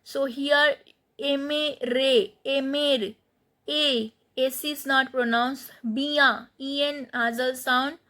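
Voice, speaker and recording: Slow, high-voiced woman teaching. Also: fairly even intonation, bright, forceful tone. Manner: slow, spelling out letters and repeating words for learners. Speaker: French teacher. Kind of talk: spoken lesson on French pronunciation.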